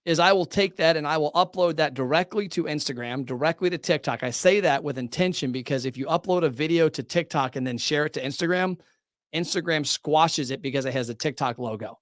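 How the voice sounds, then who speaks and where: A man hosting a casual podcast conversation from his studio, energetic and motivational, talking in quick bursts. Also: on the high side, dry recording. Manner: salesy, motivational. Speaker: podcast host.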